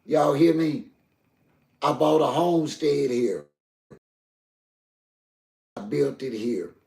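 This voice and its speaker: Gravelly man on a live stream. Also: medium pitch, animated, takes it slowly, dark tone, reverberant. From Southern US. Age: older. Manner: heated, preachy, addresses chat directly. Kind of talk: emotional live stream talk.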